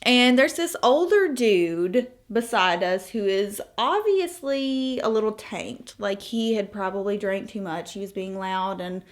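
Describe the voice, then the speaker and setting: A woman's voice: mid-range voice, expressive, unhurried, hardly any pauses. A 25-year-old woman chatting casually through a makeup tutorial, telling stories with asides and laughs. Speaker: beauty vlogger.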